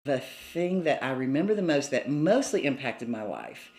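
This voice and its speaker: A woman's voice: very deep voice, very animated, normal speed, darkish tone. Chatty older woman in a roomy space. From Mobile, Alabama, USA. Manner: chatty, laughs often between phrases. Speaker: interviewee. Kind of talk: casual reminiscing. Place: indoors in a cottage. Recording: roomy echo.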